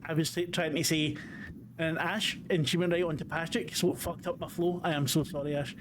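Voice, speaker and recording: A man's voice: fairly high pitch, little pitch movement, fairly quick, crowd noise. A man running a tabletop game as game master, swearing a lot and recapping the story with many fillers. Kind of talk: casual chat and game recap narration. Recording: background noise.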